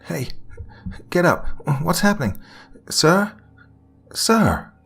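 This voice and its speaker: A man's voice: sing-song, slow pace, gravelly, a bit bright, husky, faint music behind, heavily acted. A man voicing a terrified young woman trapped in a car, crying out in panicked, pleading questions. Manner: panicked, pleading, high-pitched cries.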